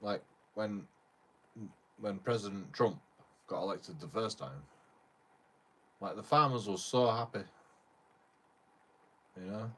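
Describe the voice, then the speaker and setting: Give me a husky man, ranting and cursing as he reacts to a clip. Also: on the low side, takes it slowly, pauses often. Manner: swearing, rambling, animated. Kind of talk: casual commentary.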